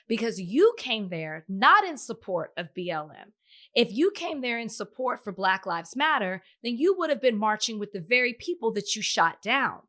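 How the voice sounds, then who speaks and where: A woman's voice: on the high side, sharp tone. A woman co-hosting a podcast, speaking in an earnest, emphatic, opinionated way. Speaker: podcast co-host. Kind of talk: casual podcast chat.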